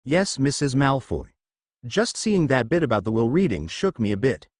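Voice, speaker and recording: A man's voice: medium pitch, sing-song, moderate pace, darkish tone, no echo, studio quality. A man voicing Harry, an earnest, worried teenage wizard, in a storybook reading. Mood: polite. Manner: earnest, a little desperate.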